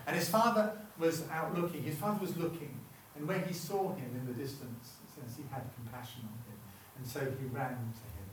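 A man with a mid-range voice preaches a sermon at a moderate pace, barely pausing, with slight background noise. He is chatty and keeps interrupting himself mid-sentence to ask the congregation questions. The room is echoey and he sounds far from the mic.

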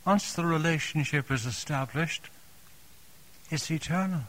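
A man preaching a sermon, speaking gently and tenderly, repeating phrases softly and addressing the congregation as dear friends. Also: fairly high pitch, measured pace.

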